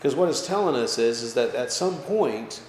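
A man's voice: mid-range voice, moderate pace. A male pastor giving a casual, conversational Bible study, often checking in with his listeners and lifting his voice for emphasis. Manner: casual, checks in with listeners with frequent "okay?" and "right?"; lively, pushes his voice up for emphasis. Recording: echoey hall with faint background noise.

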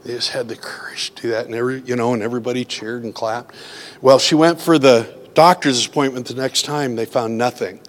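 A man delivers an earnest, conversational sermon at an ordinary middle pitch. He tells personal stories and voices his own anxious thoughts along the way. His voice carries a long hall reverb. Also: steady tone, fairly quick. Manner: earnest, acts out his own inner voice in quotes. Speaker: preacher.

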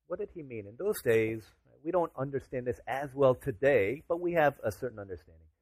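A man's voice: mid-range voice, animated, fairly quick, a little mellow, no echo. A man preaching a sermon to his congregation, casual and chatty, rising to emphatic declarations. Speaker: pastor.

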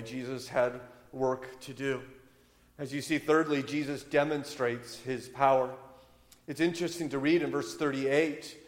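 A man preaching a sermon as a pastor, impassioned, with his voice rising and falling. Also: a little high. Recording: echoey hall, long reverb.

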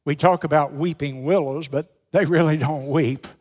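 A man's voice: fairly high pitch, steady tone, moderate pace, darkish tone, big-room sound. A man preaching a sermon as a pastor, talking to the congregation in a conversational way and asking them questions.

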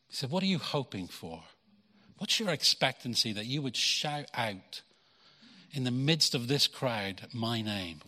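A man's voice: mid-range voice, expressive, normal speed, sharp tone. A pastor preaching a conversational sermon, acting out quoted lines and repeating words as he goes. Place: church hall. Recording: long hall reverb.

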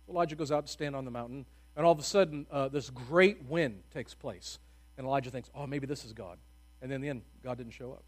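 A man with a mid-range voice preaches at a quick pace, telling his sermon as casual, humorous stories. He punctuates it with sudden loud emphasis and hushed, quiet dips.

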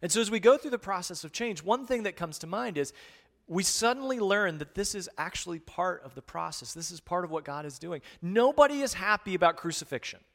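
A man preaching a conversational sermon as pastor, swinging between hushed and loud. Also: high-pitched, animated, fairly quick, gravelly, long reverb tail.

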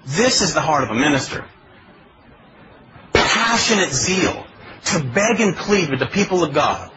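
A man's voice: fairly high pitch, lively intonation, measured pace, long pauses, muffled recording, background noise. A male pastor preaching a sermon in a pleading, emphatic way, asking his congregation questions. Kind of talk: expository sermon.

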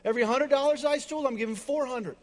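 A man acting out an overjoyed repentant tax collector, shouting excitedly. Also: extremely high pitch, fast, big-room sound, pitched above the performer's own voice.

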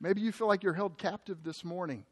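A pastor delivers his sermon in a high, light male voice. He talks with passion, stacking repeated phrases in a steady preaching rhythm. His volume swings from strong emphasis to quiet, intense moments. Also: fairly quick, slightly rough. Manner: impassioned, shifting between loud emphasis and quiet intensity; repetitive preaching cadence.

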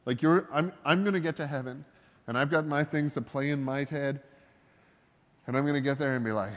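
Man preaching, casual and joking, mid-pitched voice, long hall echo. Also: brisk. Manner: conversational and joking, with laughs and asides. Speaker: pastor. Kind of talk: sermon.

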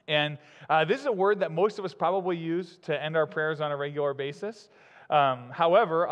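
Male pastor, relaxed conversational sermon, slightly raised voice, echoing hall. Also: on the high side. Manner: conversational, chatty preaching with fillers and quick laughs. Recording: long hall reverb.

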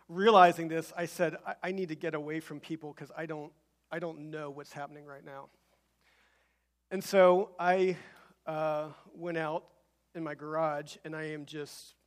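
A middle-aged man preaching a sermon as pastor, telling a personal story with halting restarts and building to emphatic repeated phrases. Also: on the high side.

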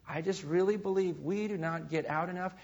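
A husky-voiced man delivers a sermon to a room full of listeners. His voice sits a little high for a man, and he swings between loud, emphatic passages and soft, hushed asides. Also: a little fast, muffled recording. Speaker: pastor. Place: room with a live congregation.

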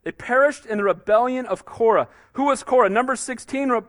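High-voiced man preaching, dry close sound. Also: a little fast, a bit bright, no echo. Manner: conversational preaching, asks "Amen?" often, acts out quotes. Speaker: pastor. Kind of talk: sermon.

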